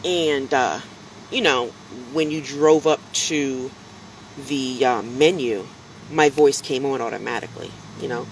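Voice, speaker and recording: A woman talking casually to her followers on a live stream, telling animated stories full of fillers, a little drowsy from allergies. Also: very deep voice, measured pace, a little hiss or hum, poor audio. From United States. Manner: chatty, animated storytelling, many fillers.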